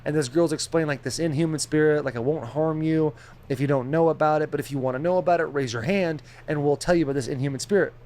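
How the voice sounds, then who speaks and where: A young man in his twenties, co-hosting a podcast, telling a story in a rambling, animated way full of swearing. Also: a little high, fast talker. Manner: rambling, animated, swears a lot, imitates beeps and voices. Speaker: podcast co-host. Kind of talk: casual storytelling.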